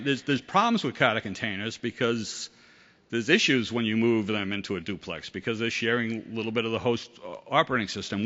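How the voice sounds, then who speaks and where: A man's voice: lowish voice, bright, forceful tone, lo-fi sound. Boston man rambling through a tech talk. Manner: casual, rambling with many ums and restarts. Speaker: conference speaker. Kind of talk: technical conference talk. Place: conference hall.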